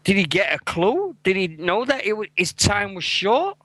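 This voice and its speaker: A man's voice: sits high, big pitch swings, normal speed, bright, forceful tone, no echo, rough recording. Blunt, sweary British man in his forties. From England. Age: 40s. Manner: swears a lot, blunt and emotional. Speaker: radio co-host. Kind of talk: casual podcast chat.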